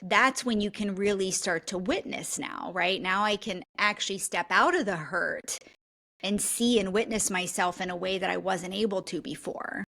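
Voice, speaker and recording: A woman talking as a podcast guest about her coaching work. Her voice has a gravelly, slightly fried texture at a middling pitch. She explains things earnestly and reflectively. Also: moderate pace, sharp tone. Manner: earnest, reflective, often tags "right?". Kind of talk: conversational podcast interview.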